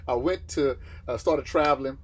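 A man's voice: mid-range voice, moderate pace, breathy edge. A man from the States, teaching a Bible class and asking his listeners questions that he then answers himself. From Southern United States.

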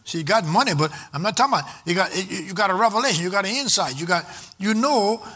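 A man preaching a sermon, prompting the congregation to answer back and reading scripture aloud in a slow, stressed cadence. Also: high voice, lively intonation, sharp tone. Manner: exhorting with call-and-response to the congregation. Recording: long hall reverb.

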